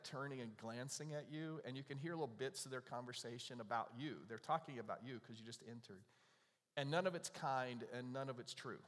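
Guy preaching a sermon, chatty storytelling, mid-pitch voice, long echo from a big church hall. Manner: conversational, lively storytelling with asides and laughs. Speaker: pastor. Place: church sanctuary.

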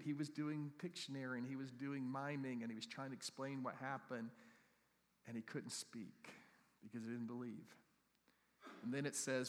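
Middle-aged pastor preaching in a reverberant hall. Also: male voice, medium pitch, moderate pace. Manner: animated, humorous storytelling with asides to the congregation. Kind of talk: sermon.

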